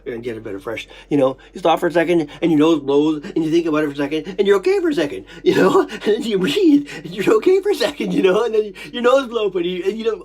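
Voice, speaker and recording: Husky, stuffed-up speaker for an unscripted, emotional, swear-heavy ramble, breathless, lurching from laughing sobs to murmurs. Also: very animated, fast, hardly any pauses, a little mellow. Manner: swings between giddy laughing sobs and low muttering. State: short of breath, snotty. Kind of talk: unscripted monologue recalling memories.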